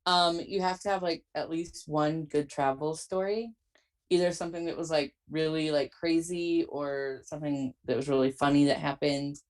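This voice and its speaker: Low-voiced woman podcast host. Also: steady tone, moderate pace, darkish tone. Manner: reassuring, chatty with fillers. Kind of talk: casual interview chat.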